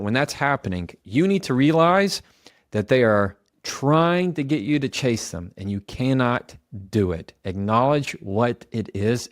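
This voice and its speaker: A man's voice: lowish voice, dry recording, clean studio sound. A man giving earnest communication advice, coaching the listener and acting out example phrases. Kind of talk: advice talk to camera.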